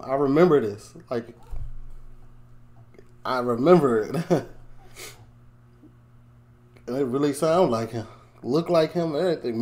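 A man's voice: fairly high pitch, a little mellow. A man from Chicago who hosts a reaction video, commenting casually and laughing often. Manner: amused, chatty, laughs often.

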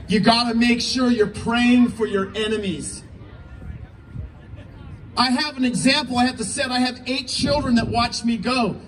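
Fervent preacher in his fifties, high male voice, heard from a distance at a rally. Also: fairly even intonation, unhurried. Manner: fervent, preachy, rising into shouts. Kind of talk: impassioned sermon and prayer. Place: political rally. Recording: distant mic, faint ambient noise.

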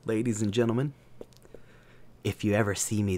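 A man's voice: on the low side, steady tone, moderate pace, warm tone. Crude, rambling male storyteller. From American South. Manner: crude, joking, rambling with fillers. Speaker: gaming channel host. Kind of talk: casual storytelling.

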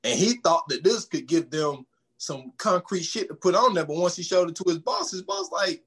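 Male podcast co-host, high-pitched, acts out scenes while recapping films. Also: moderate pace, slightly rough. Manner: animated storytelling, acts out scenes, laughs often. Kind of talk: casual movie recap chat.

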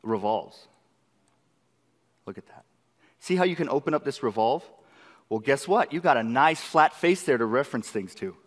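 Excitable man lecturing in a reverberant hall. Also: mid-range voice, normal speed, pauses often. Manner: excitable, eager, peppers audience with rhetorical questions. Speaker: conference class presenter. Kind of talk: live software demo lecture. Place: large conference session room. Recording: long reverb of a conference hall.

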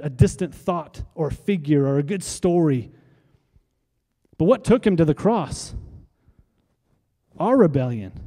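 A man's voice: a little high, dark tone, long reverb tail. A male pastor preaching a sermon, driving his points home with emphatic repeated phrases and leading the congregation in call-and-response. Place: church sanctuary.

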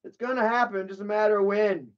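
A high-voiced man rants through his livestream commentary, swearing freely and rambling between fillers. The audio sounds dull and lo-fi. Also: fairly even intonation, fast. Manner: ranting, profane, rambling with fillers. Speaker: livestream host. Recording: muffled lo-fi audio.

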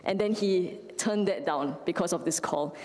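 A woman's voice: lowish voice, normal speed, a little mellow, big-room sound. A woman from Singapore preaching a sermon, telling a story with frequent "right?" and "you know" asides. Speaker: lay preacher. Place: church sanctuary.

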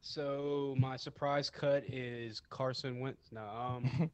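A man's voice: medium pitch, steady tone, slow pace, a little mellow, clean tone, no room sound. A man co-hosting a casual sports podcast, talking in a laid-back, hesitant way with lots of fillers. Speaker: podcast co-host.

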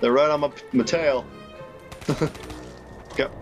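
A man casually commenting on his own video game play, excitable and chatty, laughing often. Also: mid-range voice, takes it slowly, highs cut off, music in the background. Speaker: gaming YouTuber.

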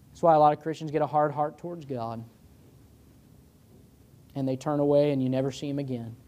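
Impassioned pastor with a higher voice. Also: male voice. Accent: American. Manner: impassioned pleading, swinging from loud climbs to low hushed lines. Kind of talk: sermon. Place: church sanctuary.

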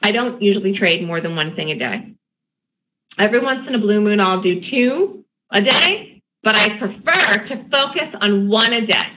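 A middle-aged woman teaching day trading in an online webinar, talking in a brisk, emphatic, repetitive coaching manner. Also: mid-range voice, lively intonation. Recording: tinny phone-like line with faint noise.

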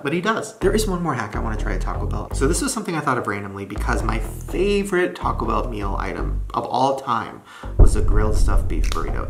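A man vlogging in a jokey, rambling way about fast-food hacks. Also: on the low side, gravelly. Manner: jokey, rambling, does silly voices. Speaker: vlogger in a reacted clip. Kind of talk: comedic food vlog talk. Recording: echoey room, faint noise.

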